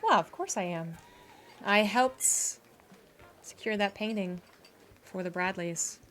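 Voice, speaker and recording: A woman's voice: mid-range voice, takes it slowly, fairly bright tone, a little hiss or hum. A woman voicing a proper, haughty, reserved woman who sounds stiffly polite. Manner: stiff, polite, slightly flustered.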